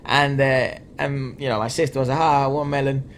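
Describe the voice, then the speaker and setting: A man's voice: medium pitch, fairly even intonation, normal speed, a bit bright. A young man whose first language is Spanish, telling a long story in a casual chat and rambling along with lots of "like" fillers. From Latin America. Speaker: reaction video co-host.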